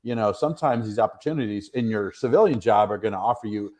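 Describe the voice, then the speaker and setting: Low-voiced middle-aged man telling stories. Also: quick pace, darkish tone. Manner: rambling, chatty, self-deprecating, many fillers. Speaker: interview guest, retired soldier. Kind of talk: casual storytelling interview.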